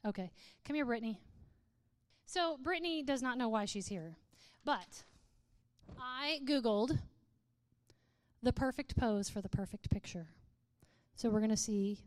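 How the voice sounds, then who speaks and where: A woman's voice: mid-range voice, darkish tone, no echo. A woman speaking to a live audience in a playful, humorous way, often laughing and reading aloud with mock drama.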